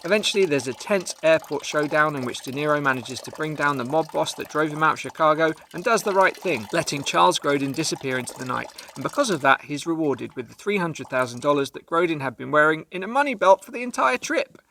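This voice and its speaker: A man's voice: a little high, lively intonation, fast, hardly any pauses, sharp tone, a little hiss or hum. A man co-hosting a podcast, chatting enthusiastically about a film he loves. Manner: enthusiastic, gushing praise. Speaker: podcast co-host. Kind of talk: casual film review chat.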